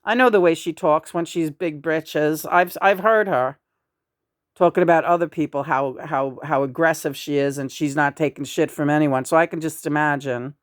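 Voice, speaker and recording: A woman's voice: low-pitched, no echo, studio quality. Rambling, profane woman in her sixties. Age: 60s. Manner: rambling and profane, with frequent chuckles. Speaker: vlogger. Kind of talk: casual rambling chat.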